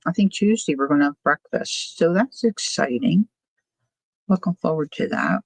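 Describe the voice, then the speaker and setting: A woman's voice: deep voice, very animated, moderate pace, gravelly, no echo, low-quality recording. A woman hosting a crafting livestream, chatting casually, thinking aloud and answering viewer comments as she works. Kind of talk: casual chat while crafting.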